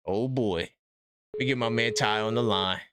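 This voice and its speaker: A man's voice: medium pitch, takes it slowly, background noise. A man hosting a live sports call-in show, trash-talking and laughing with callers in casual street slang.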